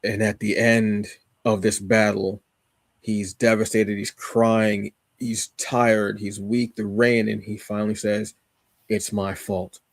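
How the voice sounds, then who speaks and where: A man's voice: fairly low pitch, level tone, slow, gravelly, no echo, clean studio sound. A man co-hosting a podcast, casually reviewing a comic with rambling enthusiasm, many fillers and restarts.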